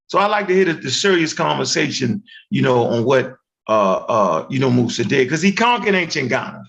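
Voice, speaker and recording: A man with a Baltimore accent hosting an online talk show, animated and profane, talking in bursts with tag questions. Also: medium pitch, fairly quick, gravelly. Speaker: podcast host. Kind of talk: casual heated chat.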